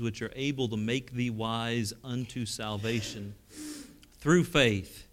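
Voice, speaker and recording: A middle-aged man preaching a sermon, telling personal stories and swinging from loud exclamations to hushed, emotional tones. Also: mid-range voice.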